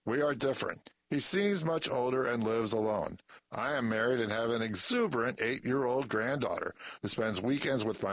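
A man reads news pieces and a short personal essay aloud at a steady, measured pace. His voice sits at an average pitch for a man. The sound is dry and close, with no room echo. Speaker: news article reader. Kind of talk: reading articles aloud.

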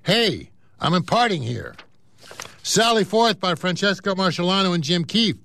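A man's voice: high voice, big pitch swings, moderate pace, creaky, sharp tone. A man reading newspaper articles and comic strips aloud, in a casual way with offhand asides and self-corrections. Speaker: newspaper reader.

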